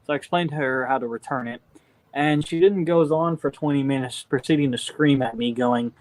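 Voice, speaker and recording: A man's voice: a little high, brisk, no echo, low-quality recording. A man co-hosting a casual cooking podcast, telling a long story with lots of fillers and restarts. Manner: rambling storyteller with many fillers. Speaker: podcast co-host. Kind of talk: casual chat.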